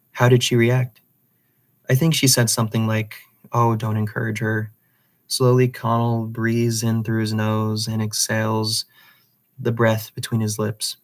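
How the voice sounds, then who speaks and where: A man reading a literary novel aloud, with occasional slips and restarts. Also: medium pitch. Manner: reads dialogue plainly, with slips and restarts. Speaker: reader.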